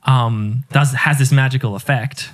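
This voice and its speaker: A chatty man talks through beer history on a casual podcast. His voice sits in a middle pitch. He laughs often and drops the odd swear word. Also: steady tone, a little slow. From Ireland. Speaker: podcast co-host.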